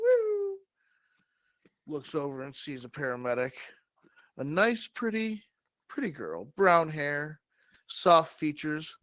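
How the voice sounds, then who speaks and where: A man co-hosting a comedy show, improvising a story with slow, drawn-out delivery and dramatic pauses. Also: a little high, fairly bright tone, dry recording. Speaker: co-host.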